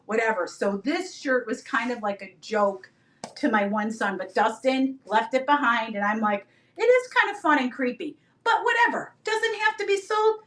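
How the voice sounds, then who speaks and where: A middle-aged woman with a high, bright-toned voice hosts a live selling stream. She rambles happily through stories and calls out to viewers by name as she shows each item. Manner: animated, rambling storyteller who talks to viewers by name. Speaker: live-stream reseller host.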